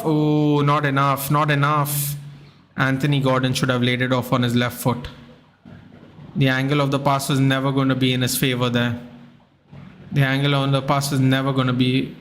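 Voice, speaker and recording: A man with a mid-range voice streams a live football watchalong at a moderate pace, with slight background noise. He chats casually, reads out viewer comments, and gets excitable when goals go in.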